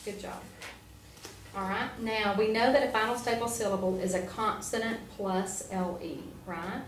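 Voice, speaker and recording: A woman's voice: medium pitch, steady tone, moderate pace. A woman reading teacher tutoring a student one-on-one, patient and encouraging, prompting step by step. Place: classroom. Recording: roomy, from far off, faint noise.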